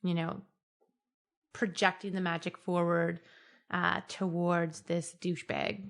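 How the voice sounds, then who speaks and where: Unhurried laid-back woman player. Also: fairly low pitch, little pitch movement, vocal fry. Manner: chatty, laid-back, swears casually. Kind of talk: casual tabletop game play.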